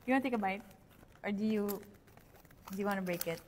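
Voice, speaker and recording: A woman's voice: mid-range voice, fast. A young woman, chatting playfully and giggling while tasting food with a friend. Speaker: group member tasting food. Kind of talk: casual chat. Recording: faint noise, long reverb.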